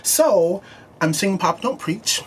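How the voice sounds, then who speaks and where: A man's voice: high-pitched, lively intonation, a little slow, slight background noise. A young man hosting his own vlog, talking to camera in a chatty, earnest way with frequent fillers. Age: young adult. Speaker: host. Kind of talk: casual talk to camera.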